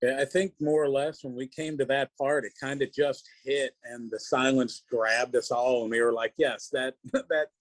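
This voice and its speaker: Male band member, easygoing storyteller, mid-pitched, dry recording. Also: moderate pace, no echo, low-quality recording. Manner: relaxed, rambling, lots of "you know". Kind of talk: casual interview chat.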